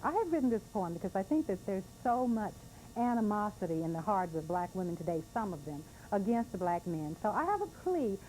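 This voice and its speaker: An earnest woman reads her poetry and tells stories, full of feeling and drawing out her lines. Her voice is mellow and warm, with faint noise behind it. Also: mid-range voice, big pitch swings, rough recording. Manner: earnest, emotional, with slow drawn-out lines. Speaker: poet and speaker. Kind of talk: poetry reading and storytelling to an audience.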